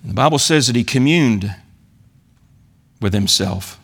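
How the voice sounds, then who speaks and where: A man's voice: mid-range voice, animated, unhurried, gravelly, husky. A man preaching a sermon in church, earnestly acting out the psalmist's pleas. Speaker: pastor.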